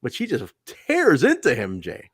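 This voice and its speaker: A man hosts a casual review podcast, recapping scenes in a lively, swooping voice and acting out the lines people said. The sound is dry and close, with no room around it. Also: medium pitch, unhurried, slightly rough, dry recording. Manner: animated recapping, acts out quotes. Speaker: podcast host. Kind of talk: casual wrestling review chat.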